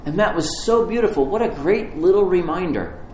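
A man preaching a sermon, telling a personal story with lively restarts and repetitions. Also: sits high, brisk, echoey room, a little hiss or hum, rough recording. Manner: storytelling, animated, stumbling restarts. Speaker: pastor.

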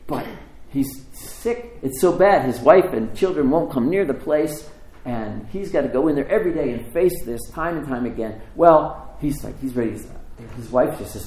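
A man tells a sermon story in a loose, conversational way, often restarting his sentences. His voice sits at an everyday middle pitch. The sound rings in an echoey room. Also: expressive, a little mellow. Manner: conversational, halting, many restarts.

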